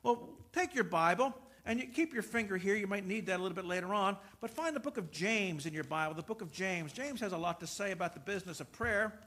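A man's voice: high voice, fast, hardly any pauses, sharp tone. A middle-aged man preaching a sermon, telling stories and acting out dialogue before rising to emphatic points. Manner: storytelling, acts out dialogue, rises to emphatic preaching. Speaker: pastor.

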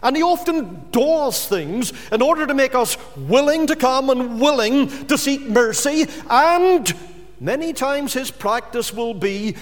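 A man's voice: extremely high pitch, animated, unhurried, long reverb tail. A man preaching a sermon as pastor, earnest and pleading with his hearers.

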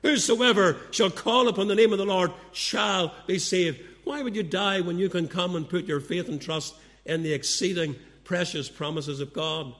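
Pleading preacher man in a reverberant hall. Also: moderate pace. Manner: pleading, repetitive rhetorical questions; swings between loud urgent appeals and hushed low warnings. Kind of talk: evangelistic sermon. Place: church service.

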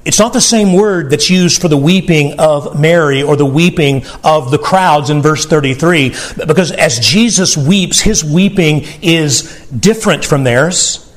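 Middle-aged male preacher, slightly higher voice, earnest and tender sermon delivery. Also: measured pace, hardly any pauses. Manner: earnest, tender, repeats words when emphasizing. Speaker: pastor.

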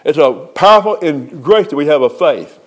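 A male pastor preaching in a folksy, conversational way, moving between soft asides and slow, drawn-out emphasis. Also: fairly high pitch, animated. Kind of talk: sermon.

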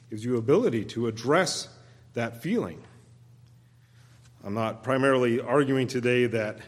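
A man delivers a sermon in a deliberate, unhurried way, his voice sitting at an ordinary middle pitch. He builds into loud, pleading cries when quoting the psalms, then drops back to a quieter tone. His words trail into the long echo of a church sanctuary. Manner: occasional restarts and repeated words. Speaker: guest preacher.

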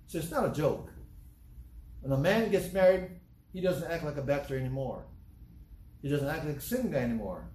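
A man's voice: on the high side, dark tone, a little hiss or hum. A man preaching a sermon, emphatic and repetitive, asking rhetorical questions. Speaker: pastor. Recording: echoey room with faint ambience.

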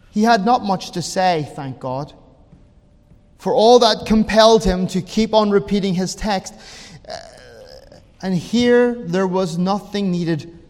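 A high-voiced man preaching a sermon at a slow, deliberate pace. His delivery swings from hushed words to ringing emphasis, with a long reverb trailing behind him in the hall. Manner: slow, dramatic, swings between quiet and loud. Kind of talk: sermon storytelling.

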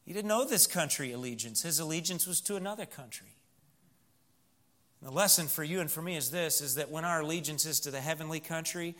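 Southern preacher, male, bright timbre, earnest sermon delivery that drops to a hush for stories. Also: on the high side, brisk. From Missouri. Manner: earnest, swings from loud emphasis to hushed storytelling.

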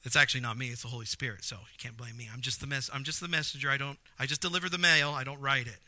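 A man preaching a sermon, animated, with jokey asides and emphatic repetition. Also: mid-range voice, racing, no room sound. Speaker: pastor.

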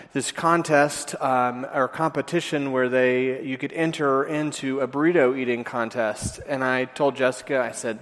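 A man giving a sermon that opens with a personal story, speaking haltingly with many fillers and restarts. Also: mid-range voice. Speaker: preacher. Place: church sanctuary. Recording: long hall reverb, church sanctuary.

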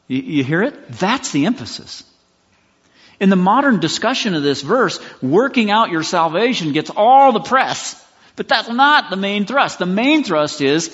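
A man teaches scripture in a relaxed, conversational style, with a husky voice that rises and falls lively and stresses the key words. His speech sounds muffled and lo-fi, with a long reverb trailing behind. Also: on the high side, normal speed. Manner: conversational, emphatic, with self-questioning asides. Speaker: pastor and podcast host. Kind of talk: expository Bible teaching.

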